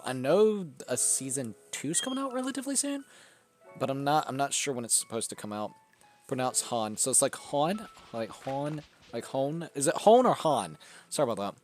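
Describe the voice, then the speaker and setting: Young male streamer, casual chat, lively swearing delivery, faint music behind. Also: on the high side. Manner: swearing, laughing, chatty and animated. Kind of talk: casual live-stream chat while gaming.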